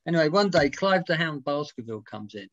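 A middle-aged man on a video call, telling animated anecdotes as an interview guest, swearing casually and acting out quotes. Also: a little high, quick pace, no room sound, lo-fi sound. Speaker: interview guest, music writer.

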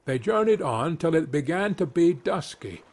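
A man reading a fairy tale aloud as a gentle, measured bedtime story. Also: fairly high pitch, sing-song, a little hiss or hum.

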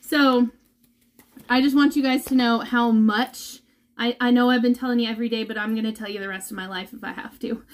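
Speaking fairly quickly in a steady, slightly high voice, a mother records an emotional vlog update at home indoors. She shares it heartfeltly with her followers and talks of holding back tears.

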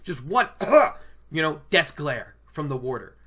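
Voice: medium pitch, big pitch swings, takes it slowly, a bit bright, slightly rough. A podcast host retelling a fantasy novel chapter in a casual, enthusiastic, rambling way, laughing often. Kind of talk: casual book-discussion podcast.

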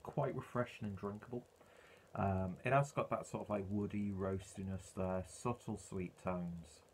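A man's voice: lowish voice, steady tone, measured pace, a little hiss or hum. A man reviewing a beer in a casual, rambling way, full of ums and uhs.

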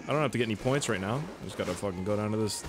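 A man giving excitable, swearing let's-play commentary as a gaming YouTuber. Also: on the low side, racing, background noise. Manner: excitable, swears a lot, laughs at own jokes.

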